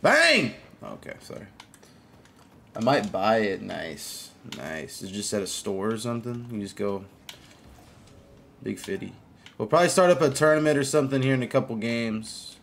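A man streaming a game live, chatting casually with viewers, greeting them by name and reacting out loud to plays. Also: fairly low pitch, animated, moderate pace, creaky, pauses often, a little hiss or hum.

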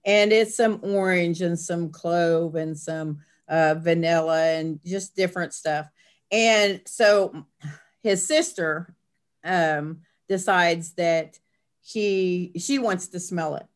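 An older woman, a grandmother, chatting as a guest in an interview and telling a family story in a casual, animated way. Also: slow pace. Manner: chatty, acts out family quotes with lively pitch jumps. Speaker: guest, herbal blend maker.

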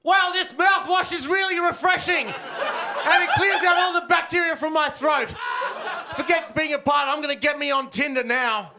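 A man voicing a big hairy male alien co-pilot, shouting in a high voice while pretending to gargle mouthwash. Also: normal speed, vocal fry, slight background noise, exaggerated voice.

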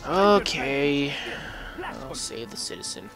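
Man, gameplay commentator, casual let's-play talk, rambling and chuckling, loud game music behind. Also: fairly high pitch, lively intonation, takes it slowly, gravelly.

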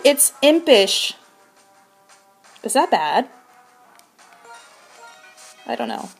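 A young woman streaming a video game, breathless and shaking with excitement, gushing and repeating her exclamations. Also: high-pitched, extremely slow, gravelly, breathy edge, soft background music. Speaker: shiny hunting streamer. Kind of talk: excited live game commentary.

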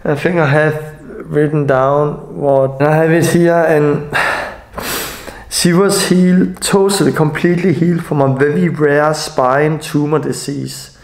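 A middle-aged man with a Danish accent telling an emotional personal testimony, halting and often restarting his sentences. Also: fairly high pitch, fairly even intonation. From Denmark. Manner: halting, restarts often, non-native grammar. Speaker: ministry leader.

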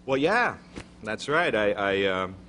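A man's voice: lowish voice, very animated, slow, pushed and bright. A man guesting on a late-night talk show, rambling in a dopey, laid-back comic way in front of a live audience. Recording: noisy broadcast with studio audience.

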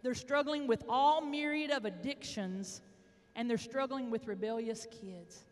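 High-voiced folksy Arkansas woman speaker. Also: a little mellow. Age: middle-aged. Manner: folksy storytelling, dramatic pauses. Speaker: motivational speaker. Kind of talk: lively motivational speech. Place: large indoor hall, addressing an audience. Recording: echoey large hall.

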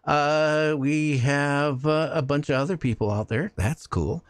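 A man hosting a casual talk radio show, telling jokey stories with lively energy. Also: a little high, a little slow, hardly any pauses, no echo. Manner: animated storytelling, jokey.

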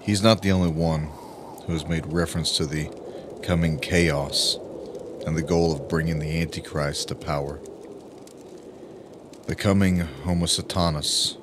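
A man narrating an audiobook in a grave, emphatic way with dramatic pauses. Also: rumbling low, fairly even intonation, background noise. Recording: music playing under the voice.

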